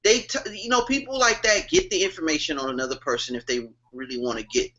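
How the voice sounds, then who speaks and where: A man co-hosting a podcast, chatting about sports in an animated, storytelling way. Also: quick pace, highs cut off. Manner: animated, storytelling, swings up in pitch when emphatic. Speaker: podcast co-host. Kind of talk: casual sports chat.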